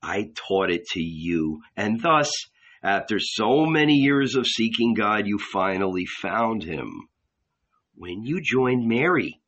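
A man's voice: lowish voice, sing-song, takes it slowly, a bit bright, full character voice. Guy doing a cheeky angel-boy voice, teasing and preachy, kinda muffled lo-fi audiobook sound. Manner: teasing, playful, lecturing. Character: mischievous male guardian angel posing as a boy. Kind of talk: audiobook character reading.

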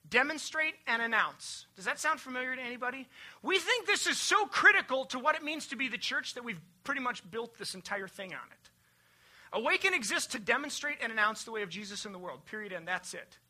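Very bright-voiced pastor preaching emphatically. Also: sing-song, a little fast. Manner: emphatic, swings between loud declarations and hushed, low passages; builds repetitive lists and refrains. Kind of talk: sermon.

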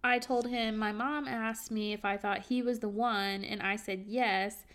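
A woman in her twenties, a podcast host, reading her own journal entries aloud in a candid, halting way with many fillers. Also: mid-range voice, fairly even intonation, a bit bright. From Virginia. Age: 20s.

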